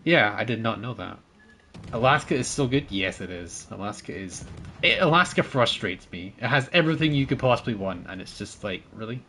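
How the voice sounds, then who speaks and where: A man talks through a naval battle game as he streams it, chatting with his viewers and laughing often. His pitch swings widely and his delivery is animated. A faint hum sits behind his voice. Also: fairly quick. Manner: chatty, reads and thanks chat, laughs often. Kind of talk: casual gameplay commentary.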